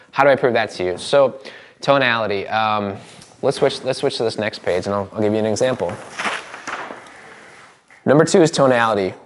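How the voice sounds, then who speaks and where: A man teaching a live seminar, animated and chatty, often restarting sentences and acting out tones of voice. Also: mid-range voice. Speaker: NLP seminar trainer. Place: seminar room with a live audience.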